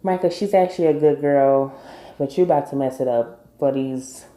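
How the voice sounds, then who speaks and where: In an echoey room, a woman vlogger with a very deep, warm voice recaps a TV episode at a moderate pace. Her style is casual and emphatic, and she scolds the characters bluntly.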